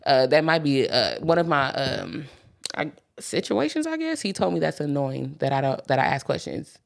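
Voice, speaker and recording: A woman in her thirties co-hosts a casual podcast chat, her low voice carrying some gravelly fry. She rambles freely with plenty of fillers, and her pitch swings a lot as she talks. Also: moderate pace. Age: 30s. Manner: chatty, rambling, many "like" fillers; animated storyteller who acts out quotes. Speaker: podcast co-host.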